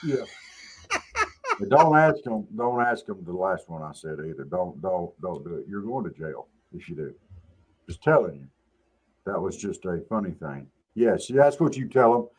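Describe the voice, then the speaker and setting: A man's voice: sits low, big pitch swings, moderate pace. A man hosting a morning show, chatting casually in a teasing way and laughing often. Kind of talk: casual joking chat.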